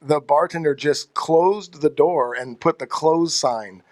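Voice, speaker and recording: A man's voice: a little high, takes it slowly, no echo. A man hosting a podcast who tells rowdy stories in a rambling way, with lots of swearing and laughter. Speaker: podcast host. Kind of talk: casual storytelling chat.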